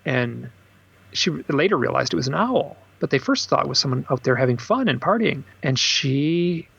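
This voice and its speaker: At a normal speed, a gravelly, husky man tells stories as an author being interviewed on a podcast, his pitch springing up whenever he voices what others said. The recording comes across as dull and slightly lo-fi.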